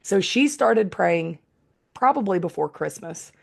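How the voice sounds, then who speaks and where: Woman, 30s, podcast co-host, low gravelly voice, relaxed and sincere. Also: a little slow. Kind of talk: casual chat.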